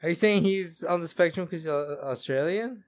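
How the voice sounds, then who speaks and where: A man's voice: on the high side, moderate pace. A young man co-hosting a podcast in casual, profane banter. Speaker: podcast co-host. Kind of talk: casual chat.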